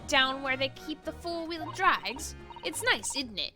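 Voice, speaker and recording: A woman's voice: high-pitched, lively intonation, a little slow, pitched above the performer's own voice. A woman voicing a brash teenage girl pickpocket in a put-on Cockney accent, with game music behind. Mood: cocky. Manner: brash, defiant. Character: cocky teenage girl pickpocket, street-smart.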